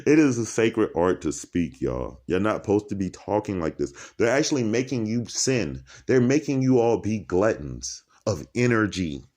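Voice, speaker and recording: A man vlogging alone in a dark room by candlelight, rambling from topic to topic and laughing as he talks. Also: on the low side, moderate pace, few pauses. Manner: animated, laughing, jumps between topics. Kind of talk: rambling stream-of-consciousness monologue.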